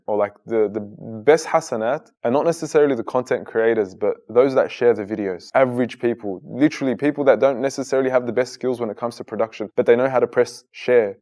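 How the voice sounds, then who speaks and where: A man's voice: medium pitch, a little mellow. A man in his thirties, a guest in an interview, telling his personal story in an earnest, conversational way with lots of casual fillers. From Australia. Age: 30s.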